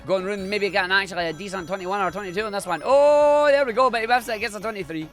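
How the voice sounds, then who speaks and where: A man's voice: sits high, fast, fairly bright tone, soft background music. A Scottish man from Scotland, a streamer chatting casually and slangily while he speedruns. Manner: chatty and slangy, rambling asides.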